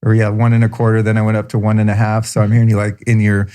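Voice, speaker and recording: Guy hosting a podcast, low mellow voice, gushing and excited. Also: very fast. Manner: effusive, enthusiastic. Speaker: podcast host. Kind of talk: podcast intro and interview.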